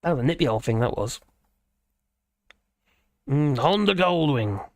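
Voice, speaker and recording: A man hosts a casual live stream, rambling from topic to topic as he reacts to viewers' comments. His voice sits a little high for a man. The sound is dry and close, with no room echo. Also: lively intonation, a little slow. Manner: chatty, rambling, reacts to chat comments with chuckles. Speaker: livestream host.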